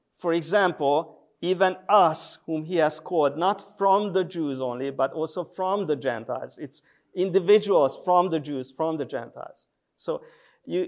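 A man lecturing on theology in a measured, deliberate way, with frequent hesitation sounds. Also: on the high side. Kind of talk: theological lecture with scripture readings.

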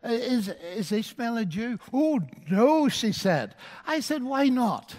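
Male preacher, high voice, story-driven sermon with quoted dialogue. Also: huge pitch swings, moderate pace, few pauses, big-room sound. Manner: storytelling, quoting dialogue with softened voice.

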